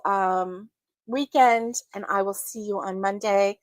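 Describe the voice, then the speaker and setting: Slow-talking, giggly woman host. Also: medium pitch, steady tone, no room sound. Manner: chatty, giggly, warm toward viewers, many ums. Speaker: crochet livestream host. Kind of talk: casual live chat with viewers.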